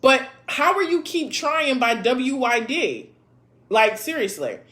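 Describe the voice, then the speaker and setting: A woman's voice: high-pitched, sing-song, slow pace, fairly bright tone. A woman in her thirties hosting a casual live chat, reading viewer comments aloud and answering in a blunt, sassy way, with frequent laughs and swearing.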